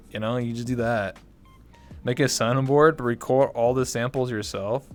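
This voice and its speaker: A man's voice: medium pitch, fairly even intonation, moderate pace, soft background music. A man hosting a livestream, chatting casually in a rambling, jokey way. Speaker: livestream host. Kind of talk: casual chat.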